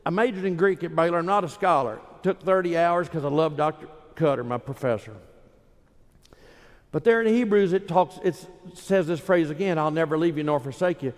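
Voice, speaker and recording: A man's voice: on the high side, a little fast. Folksy preacher man in a reverberant hall. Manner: folksy, emphatic, acts out quoted voices. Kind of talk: sermon storytelling.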